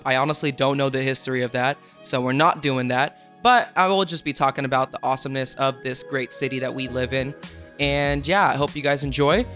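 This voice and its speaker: A man's voice: fairly high pitch, a bit bright. A young man from Sacramento hosting his own solo podcast, chatting casually and rambling with many fillers. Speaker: podcast host.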